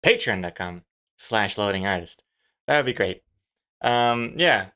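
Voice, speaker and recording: A man's voice: fairly low pitch, animated, measured pace, bright, forceful tone. Chatty man streaming while he draws. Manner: rambling, joking, lots of fillers. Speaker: webcomic artist streaming his drawing. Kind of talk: casual live-stream chat.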